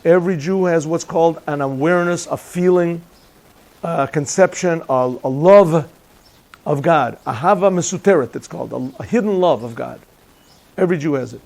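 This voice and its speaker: Rabbi guy lecturing to students, kinda gravelly, a bit higher voice, cracks jokes. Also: normal speed, a little mellow. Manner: conversational, asks listeners questions, tells jokes. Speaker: rabbi teaching a yeshiva class. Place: yeshiva classroom.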